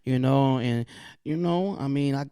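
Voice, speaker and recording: A man's voice: medium pitch, a little slow, dark tone, clear, resonant tone, no echo, studio quality. A man in a casual podcast chat, telling stories and reading out listener comments. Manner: reads listener comments, storytelling. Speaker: podcast co-host.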